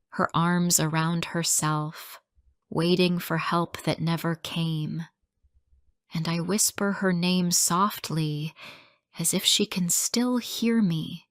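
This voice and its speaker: A woman narrating a sad story in a slow, clear, deliberate reading for English learners. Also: fairly low pitch, no echo, studio quality.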